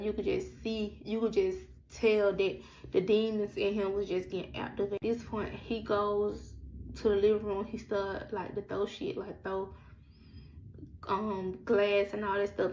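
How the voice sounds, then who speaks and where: Woman, gravelly voice, casual storytime, acts out the quotes. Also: medium pitch, rough recording. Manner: animated, quotes others, repeats herself.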